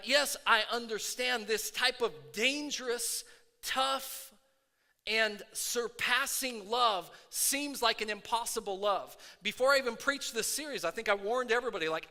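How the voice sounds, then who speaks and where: High, bright-voiced pastor preaching. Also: male voice, normal speed. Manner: conversational preaching with many fillers, swinging from quiet to shouting. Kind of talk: sermon. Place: worship center. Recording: long hall reverb.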